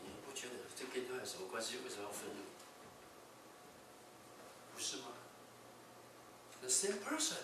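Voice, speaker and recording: A middle-aged male professor lectures on a novel, reading lines aloud and then explaining them. His pitch rises and falls in a lively way. The sound is very echoey, recorded from far across a classroom with a faint hum behind. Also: normal speed, pauses often. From Taiwan. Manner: switches languages, reads passages aloud then explains them. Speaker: university literature lecturer. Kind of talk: university lecture. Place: large classroom.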